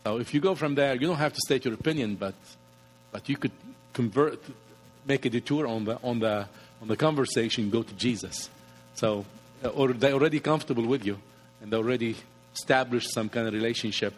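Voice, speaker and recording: A man's voice: mid-range voice, fairly quick. Plainspoken male guest with a reverberant sound. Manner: plainspoken, with slightly nonstandard grammar. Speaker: guest speaker on evangelism. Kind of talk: conversational advice. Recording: reverberant room.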